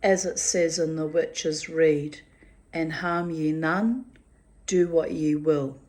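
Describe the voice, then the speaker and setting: A mature woman reads from her personal diary in a slow, unhurried way. Her voice sits a little low, and she speaks bluntly, with frank swearing and exasperated asides. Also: darkish tone. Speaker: diarist reading her journal. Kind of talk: diary-style personal reading.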